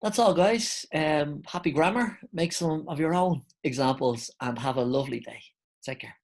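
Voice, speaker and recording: A woman's voice: deep voice, moderate pace, a little mellow. A woman teaching an online English grammar lesson, explaining step by step and calling her viewers guys.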